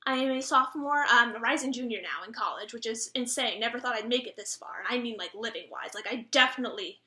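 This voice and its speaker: A woman's voice: on the high side, fast, bright, forceful tone, echoey room. A twenty-year-old woman, an actress, giving a blunt, self-deprecating improvised comic monologue for a self-tape. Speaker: actress auditioning. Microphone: camera mic of a self-tape.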